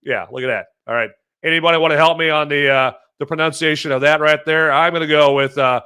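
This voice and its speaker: Guy doing a beer review on a podcast, bright voice, rambly and jokey, lots of uhs. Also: on the high side, brisk, clean tone. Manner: rambling and jokey, with many fillers and self-corrections. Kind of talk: casual chat.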